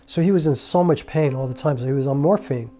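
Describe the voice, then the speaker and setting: A man's voice: mid-range voice, fast, slight background noise. Earnest man telling a personal story. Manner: earnest and conversational, with many restarts and asides. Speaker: filmmaker and storyteller. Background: soft piano music.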